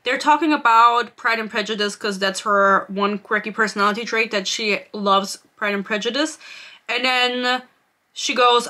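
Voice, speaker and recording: A woman's voice: fairly high pitch, moderate pace, sharp tone. A woman giving a casual, sarcastic book review rant, swearing freely and laughing often.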